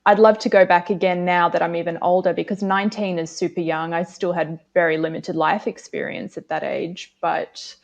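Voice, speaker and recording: A woman from South Africa, a guest chatting casually in an interview, talking reflectively with pauses. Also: lowish voice, level tone, creaky, muffled recording.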